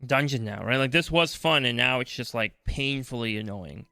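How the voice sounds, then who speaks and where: A man's voice: medium pitch, expressive, moderate pace, pushed and bright, clear, resonant tone, no room sound, clean studio sound, soft background music. A man co-hosting a casual gaming podcast, rambling and restarting, sleepy this early morning. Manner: rambling, restarts often, slips into quoted reactions. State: sleepy, yawning. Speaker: podcast co-host.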